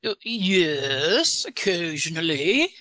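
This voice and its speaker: A woman with a deep voice for a woman, using a put-on English accent as a mystery guest, hesitant and halting with many restarts. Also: big pitch swings, fairly bright tone, dry recording. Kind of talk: call-in guessing game, disguising her voice.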